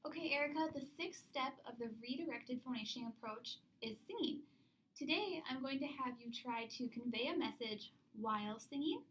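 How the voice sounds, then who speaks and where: A young woman narrating voice therapy steps and then coaching a client through them, slow and encouraging as she models each sound. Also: high voice. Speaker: student clinician demonstrating therapy. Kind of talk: scripted lesson narration and role-played therapy session. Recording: echoey room with faint ambient noise.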